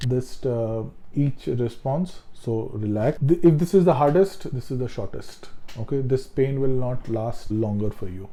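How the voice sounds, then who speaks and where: A man with a deeply dark, mellow voice walks learners through exam tips at a middling pitch. He talks casually, circles back to repeat his points and fills pauses with ums and uhs. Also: rough recording. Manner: conversational, repeats himself, many fillers. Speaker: test-prep tutor. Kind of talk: casual instructional talk.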